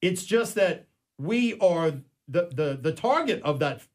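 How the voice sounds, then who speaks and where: A man's voice: high voice, lively intonation, unhurried. A man from Louisiana hosting a casual talk radio show, rambling with frequent restarts. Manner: rambling, many restarts and fillers. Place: radio studio.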